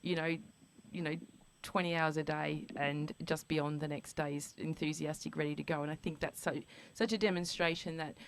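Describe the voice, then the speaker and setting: A woman's voice: deep voice, steady tone, normal speed, a little hiss or hum. A middle-aged woman hosting a radio interview, responding with short encouraging affirmations. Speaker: radio host. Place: radio studio. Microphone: studio microphone.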